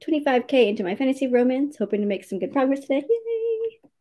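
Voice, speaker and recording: A woman's voice: high voice, very fast, mellow. A woman hosting a casual livestream writing sprint, cheerfully greeting viewers by name, reading their comments aloud and laughing often.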